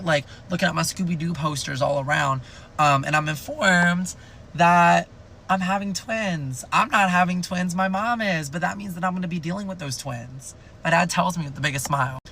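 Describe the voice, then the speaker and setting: A man in his twenties telling a comedic storytime monologue in an animated, profane, self-mocking way, jumping his pitch up for emphasis. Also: creaky, slight background noise. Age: 20s.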